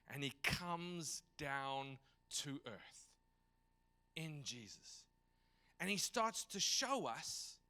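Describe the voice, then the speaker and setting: A man teaching in a sermon style, emphatic and animated, slipping into voices for the figures he quotes. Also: mid-range voice, smooth. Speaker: pastor. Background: speaking from home.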